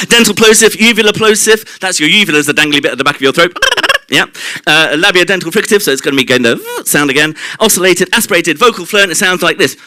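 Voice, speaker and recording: A man's voice: high-pitched, fast, noisy background. A man giving a live stage presentation, explaining mouth sounds, demonstrating them and quizzing the audience. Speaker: presenter at a live short-talk night. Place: club venue at a live evening event.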